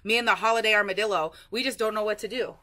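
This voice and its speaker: A woman's voice: medium pitch, quick pace, sharp tone, dry recording. A young woman vlogging from her car, talking casually and playfully, cooing in baby talk to her dog, recorded on a phone mounted on the dashboard. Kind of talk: casual vlog chat. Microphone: phone on a dashboard tripod. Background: car and road noise.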